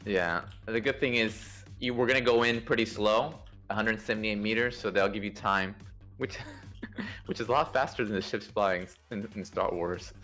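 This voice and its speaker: Man coaching a squad, bright tone. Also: lowish voice, normal speed, faint music behind. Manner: instructive, relaxed, many fillers and restarts. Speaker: play-test organizer directing pilots. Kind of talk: casual game coordination over voice chat.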